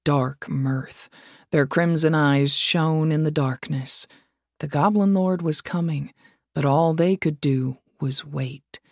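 A man reading fantasy fiction aloud as an audiobook narrator, in a measured, steady way. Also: a little high, no echo, clean studio sound.

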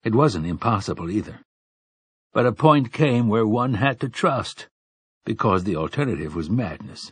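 Low, husky audiobook narrator. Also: male voice, no room sound. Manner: steady, measured reading. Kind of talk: scripted narration.

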